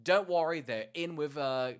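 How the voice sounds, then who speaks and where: A man's voice: a little high, moderate pace, clear, resonant tone. A man co-hosting a casual podcast, recapping a film plot with sarcastic jokes and swearing. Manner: sarcastic, swears, jokey asides. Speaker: podcast co-host. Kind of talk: casual film review chat.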